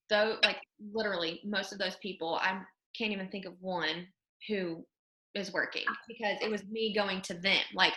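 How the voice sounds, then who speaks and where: Chatty woman host, bright voice, lots of "like", roomy echo. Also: mid-range voice. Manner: chatty, fills with "like" and "you know". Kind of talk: casual motivational chat.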